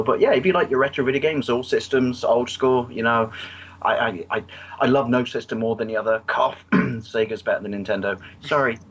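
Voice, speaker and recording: A man with a husky, slightly rough voice rambles and teases through casual banter. He jokes constantly, tossing in mock asides. The audio is muffled and lo-fi, like an internet call. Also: mid-range voice, fairly bright tone. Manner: joking, rambling, teasing. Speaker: guest vlogger.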